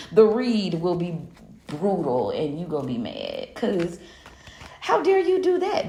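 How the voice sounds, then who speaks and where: A woman's voice: sits low, creaky, echoey room, a little hiss or hum. A woman hosting a live spiritual reading, ranting casually in a sassy, profane way and laughing often. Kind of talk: casual live-stream rant.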